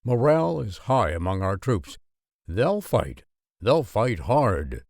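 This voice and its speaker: A man's voice: on the low side, big pitch swings, slow, vocal fry, darkish tone, no echo, clean studio sound, heavily acted. A man voicing an earnest, emphatic father. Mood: stirred. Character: middle-aged Dutch father, a man, warm then alarmed.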